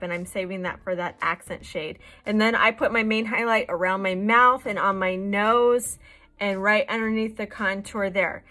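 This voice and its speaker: A woman's voice: fairly high pitch, fairly bright tone. A woman hosting a makeup tutorial, explaining each step in a chatty, reassuring way. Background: faint background music.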